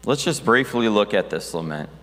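A man's voice: fairly low pitch, lively intonation, moderate pace, a bit bright, big-room sound. A man preaching a sermon as pastor, talking conversationally with restarts and reading scripture aloud.

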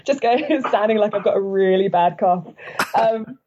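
A woman chatting casually as a podcast guest, her sentences tending to lift upward at the end. She talks in a relaxed, candid way, often using filler words. The audio is a little dull and lo-fi. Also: medium pitch, moderate pace, background noise. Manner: upward inflection, frequent likes and laughs. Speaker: guest, video host.

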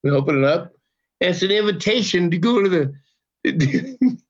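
An older man, an actor guest on a podcast, telling a story in a profane, animated way and acting out the quotes, on a dull lo-fi recording. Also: high-pitched, normal speed, slightly rough. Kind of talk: casual storytelling. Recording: dull lo-fi sound.

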